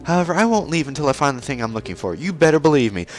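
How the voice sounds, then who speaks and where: A haughty young fish princess who barks orders and expects to be obeyed, put on by a man in a raised, lively voice. She is bossy and imperious, and she sounds lofty rather than sweet. Faint game music runs underneath. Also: on the high side, rapid-fire, pitched above the performer's own voice. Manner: bossy, commanding. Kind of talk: gameplay commentary with voiced dialogue.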